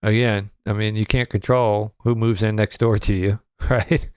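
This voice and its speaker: A man's voice: fairly low pitch, flat delivery, moderate pace, darkish tone, clear, resonant tone, dry recording, studio quality. A man hosting a casual show, reacting to a played clip with sarcastic, joking commentary. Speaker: podcast host.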